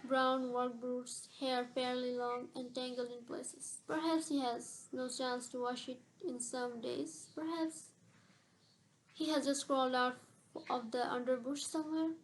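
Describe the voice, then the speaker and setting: A woman narrating a novel as an audiobook, reading in a measured, steady way. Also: sits high, slight background noise, poor audio.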